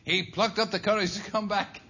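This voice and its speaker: A man's voice: high-pitched, steady tone, brisk, pushed and bright. A man hosting a talk show, introducing a guest and asking wry, teasing questions. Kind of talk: chat show interviewing. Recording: dull lo-fi TV recording with faint hiss.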